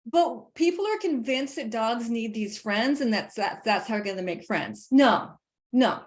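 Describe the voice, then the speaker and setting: A woman dog trainer talking through leash training in a casual, lively way, laughing often and hammering her points with emphatic asides. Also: on the high side, measured pace. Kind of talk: casual instructional chat.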